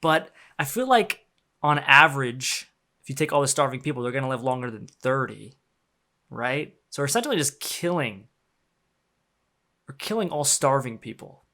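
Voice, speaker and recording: A young man streams a game and talks casually as he plays, rambling, joking, swearing and using slang. His voice is medium-pitched and animated, with a sharp tone, a normal speed and long pauses.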